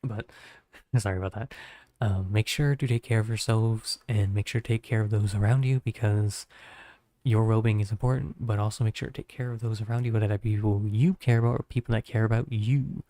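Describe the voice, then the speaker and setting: A man wraps up his art livestream with loose, friendly, rambling chat full of fillers as he signs off to viewers. His voice is low-ish, steady and dark, a little fast, and sounds strained and tired, with no room sound in the recording.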